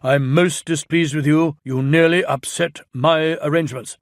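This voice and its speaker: A man's voice: a little high, steady tone, normal speed, no echo, studio quality, voice pushed up, lightly acted. A man with a British accent voicing a pompous, stern railway boss in a storybook reading, commanding and bellowing in a raised voice.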